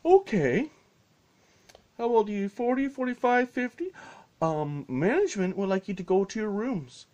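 A man's voice: very animated, normal speed, darkish tone, muffled recording. A man doing a condescending, scolding cop. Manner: firm, condescending, high-pitched. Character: stern police officer scolding adults.

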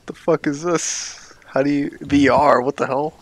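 A man's voice: a little high, steady tone, unhurried, dry recording. A young man streaming a military game, chatting casually, bemused and swearing freely. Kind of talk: casual gaming chat.

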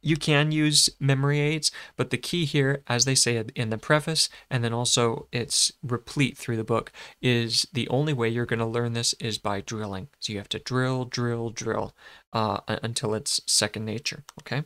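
A man's voice: medium pitch, steady tone, normal speed, a bit bright, clean tone. A man teaching a shorthand lesson, patiently sounding out words and correcting himself as he goes. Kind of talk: explaining a lesson.

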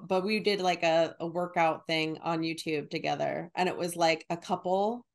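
A woman's voice: lowish voice, fairly even intonation, normal speed, gravelly. Woman co-host, casual podcast chat, laughs a lot, mimics phrases. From New Jersey and New York. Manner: chatty, laughs often, imitates phrases.

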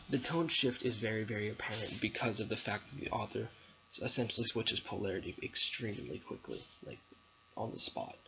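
A young adult student speaks in a lowish, creaky male voice. For a recorded literary analysis presentation he discusses a poem haltingly, with lots of ums and restarts, and the dull lo-fi recording carries faint background noise.

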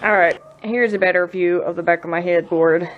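A mother in her thirties with a Southern US accent vlogs casually from indoors at home, laughing often. Her lowish voice comes through brisk, with phone-quality sound and a little hiss or hum, and she tells stories with animated impressions.

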